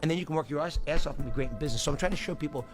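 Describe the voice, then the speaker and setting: A man talking earnestly in an interview clip, animated and quick. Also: a little high, over music. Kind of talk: interview talk.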